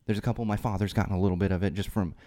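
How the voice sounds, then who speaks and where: A man's voice: lowish voice, fairly even intonation, racing, warm tone, dry recording, clean studio sound. A man hosting a solo podcast, talking in a rambling way with restarts and fillers, and getting more emphatic when he stresses a point. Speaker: podcast host.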